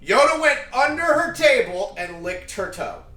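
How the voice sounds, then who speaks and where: Excitable rambling male streamer, roomy sound. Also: extremely high pitch, moderate pace. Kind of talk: casual stream chat. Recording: roomy, distant mic with music behind.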